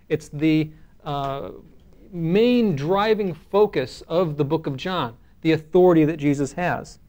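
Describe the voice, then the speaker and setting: High-voiced man teaching a Bible study. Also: darkish tone. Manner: conversational, reads scripture aloud with emphasis, frequent fillers. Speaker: pastor leading Bible study.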